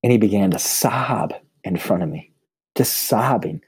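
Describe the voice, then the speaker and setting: A man, a pastor, telling personal stories in a relaxed conversation. He restarts his phrases often. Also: a little slow, breathy edge, dry recording. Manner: lively storyteller who restarts his phrases; self-described high extrovert. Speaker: pastor and podcast guest. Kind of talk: personal storytelling in casual conversation.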